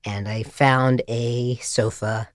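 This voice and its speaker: Animated self-deprecating man telling a story. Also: mid-range voice, slow pace, no room sound, studio quality. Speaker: podcast co-host. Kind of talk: casual storytelling chat.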